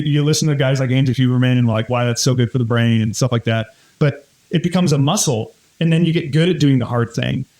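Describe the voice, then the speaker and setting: Lively storytelling man, high voice. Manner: energetic storyteller, acts out quotes. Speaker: guest, real estate fund CEO. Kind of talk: casual interview talk.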